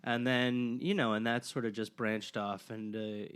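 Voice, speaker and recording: A man's voice: medium pitch, little pitch movement, a little slow, a bit bright, clear, resonant tone. A man from Wisconsin, a comedian guest on a podcast, chatting casually and rambling with lots of fillers and restarts. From Wisconsin, USA. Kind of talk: casual interview chat.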